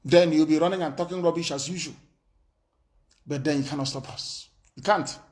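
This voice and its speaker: A man's voice: on the high side, steady tone, normal speed, darkish tone. A man giving an impassioned, defiant political broadcast full of warnings and threats.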